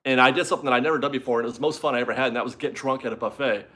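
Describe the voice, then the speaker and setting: A man's voice: mid-range voice, fairly even intonation, rapid-fire, pushed and bright. This is a chatty, rambling man hosting a casual live stream from home. He reads out viewer messages and is easily amused.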